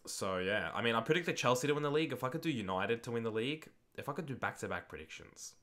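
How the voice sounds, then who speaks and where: On a late-night stream where he's hosting a football watch-along, this young Australian rambles through viewers' questions in a tired, casual way with the occasional swear word. His medium-pitched voice is a bit bright, with lively intonation and a quick pace.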